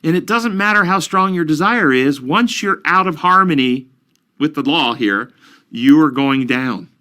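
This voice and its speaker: A man's voice: on the high side, expressive, a little slow, sharp tone. Earnest man explaining with examples. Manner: earnest, teaching with examples and questions. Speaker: counselor guest. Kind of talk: explanatory interview talk.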